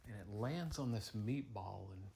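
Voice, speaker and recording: A man improvising a playful story for a child, moving from hushed tones to excited bursts. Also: on the low side, moderate pace, creaky, a little hiss or hum.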